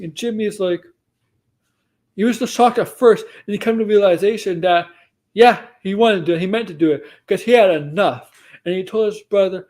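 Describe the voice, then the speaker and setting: Recapping a wrestling show on his stream, a man speaks casually at a normal speed in a high-sitting voice with a darkish tone. He wanders off track, frequently fixes himself mid-sentence, and performs the quotes.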